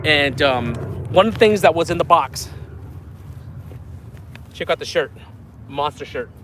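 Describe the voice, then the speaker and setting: A man's voice: on the high side, lively intonation, measured pace, bright, forceful tone, slight background noise. A man hosting a live fishing stream from a riverbank, chatty, thankful and a bit out of breath. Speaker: fishing livestream host. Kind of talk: live-stream chat reading super chats. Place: outdoors at a riverbank.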